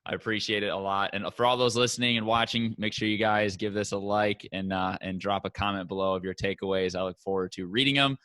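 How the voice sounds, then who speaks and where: Fast-talking enthusiastic male podcast host. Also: lowish voice, fairly even intonation, sharp tone, no room sound. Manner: enthusiastic, grateful. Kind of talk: interview host wrap-up.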